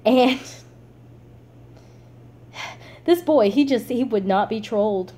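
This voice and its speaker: Chatty teenage girl with a mellow voice. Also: fairly high pitch, very slow. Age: late teens. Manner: chatty, animated, lots of "like", laughs. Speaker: vlogger. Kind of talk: casual storytelling to camera.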